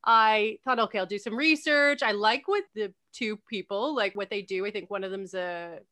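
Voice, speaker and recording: A woman's voice: mid-range voice, normal speed, sharp tone. A woman co-hosting a podcast who speaks candidly and laughs at herself in casual book-club chat.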